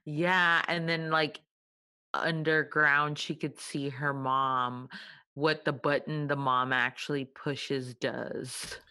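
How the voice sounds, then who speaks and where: A woman's voice: low voice, fairly even intonation, takes it slowly, bright, forceful tone, smooth. A woman co-hosting a casual chat, giggly and riffing on silly story ideas. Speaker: podcast co-host.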